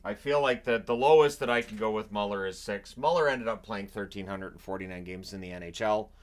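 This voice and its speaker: With a washer going in the background at home, this hockey channel host talks through his picks in casual solo commentary. His pitch sits fairly low and he moves fairly quickly, wandering off into jokes along the way.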